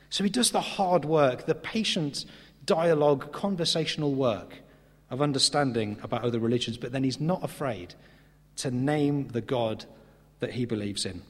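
A man delivers an earnest sermon in a church, his voice slightly husky. He leans on key words and slows down for emphasis. The sound rings out with a long hall reverb. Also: mid-range voice. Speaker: preacher.

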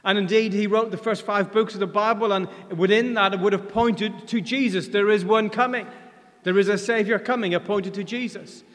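High-voiced man preaching in an echoing hall. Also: steady tone, normal speed, fairly bright tone. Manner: earnest, conversational, with frequent fillers and restarts. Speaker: visiting preacher. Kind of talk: sermon. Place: church. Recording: long reverb of a large church hall.

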